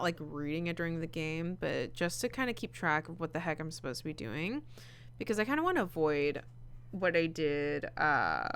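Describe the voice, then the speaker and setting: A woman's voice: low-pitched, a bit bright, clean tone. Chatty woman streamer. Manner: chatty, rambling with fillers. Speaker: gameplay streamer. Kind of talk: casual let's play commentary.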